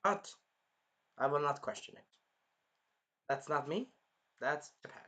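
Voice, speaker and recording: Young guy gushing about an anime ep, loud and lively, cusses a lot, sharp bright tone. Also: fairly high pitch, unhurried. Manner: animated, swears, acts out scenes in funny voices. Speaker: anime reviewer. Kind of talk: casual reaction review.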